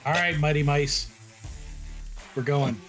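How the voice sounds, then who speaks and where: A man speaking in a tabletop game, gruff and mocking. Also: on the high side, takes it slowly, loud music behind the voice. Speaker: player.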